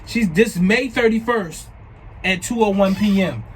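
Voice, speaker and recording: In an unhurried, high-pitched voice, a young New Jersey man tells a profane, animated storytime about scam attempts, acting out the messages and quoting lines. The low-quality audio picks up slight background noise.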